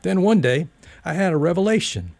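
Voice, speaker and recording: A man's voice: sits high, animated, brisk, creaky, a little mellow, dry recording. A man reading a first-person story aloud in an audiobook, wry and rambling. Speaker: narrator.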